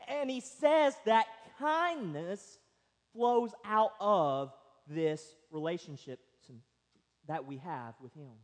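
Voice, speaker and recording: A man with a high voice preaches slowly and emphatically, swinging from loud stresses to near-quiet asides. The sermon rings through a church hall with a long trailing reverb. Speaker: pastor.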